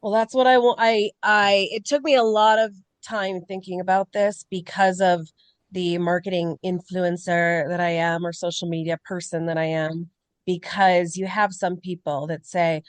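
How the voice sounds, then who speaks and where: A woman's voice: lowish voice, steady tone, normal speed, dry recording. A woman co-hosting a podcast, talking candidly and in a rambling way about personal struggles in casual chat. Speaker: podcast co-host.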